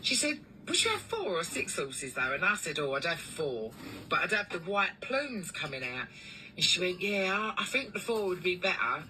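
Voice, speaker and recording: Animated chatty woman, slightly distant. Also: lowish voice, normal speed, a little hiss or hum. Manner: chatty, animated retelling with many fillers. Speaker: cleaning business owner. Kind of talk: casual storytelling vlog.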